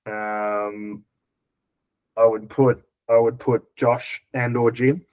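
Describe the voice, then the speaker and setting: A man's voice: mid-range voice, flat delivery, slow pace. Laid-back Australian man, dull lo-fi sound. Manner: laid-back, chuckling storyteller with many fillers. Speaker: podcast guest. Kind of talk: casual chat.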